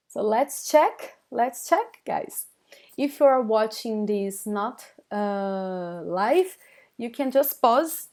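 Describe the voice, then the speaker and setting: A woman with a Brazilian accent, a native Portuguese speaker, teaching a live online language lesson in English, halting and full of fillers, checking in with viewers often. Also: fairly high pitch, a little mellow. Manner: slow, halting, many fillers and restarts; addresses viewers as guys, checks with okay.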